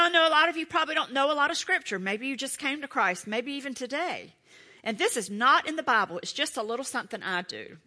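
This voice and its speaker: A middle-aged woman delivers a sermon with a bright, forward voice. Her pitch swings widely as she drives her points home. She stays emphatic and breaks into playful asides to her listeners. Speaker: preacher.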